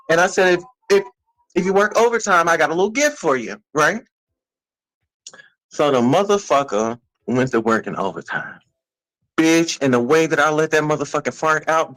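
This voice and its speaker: A woman vlogger telling stories in a casual, profane rant that bursts into shouting. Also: fairly low pitch, rough recording.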